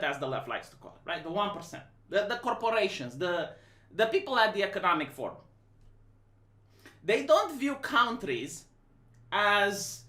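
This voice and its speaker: A woman's voice: mid-range voice, a bit bright. Blunt Romanian-accented woman streamer. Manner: blunt, emphatic, repetitive, many restarts. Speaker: live-stream commentator. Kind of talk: casual opinion commentary. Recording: roomy echo.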